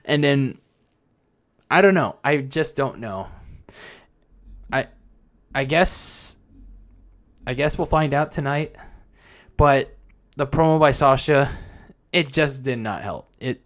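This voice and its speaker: A young man hosting a wrestling podcast alone, talking casually in a frustrated, rambling way with many restarts and fillers. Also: medium pitch. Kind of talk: casual solo commentary.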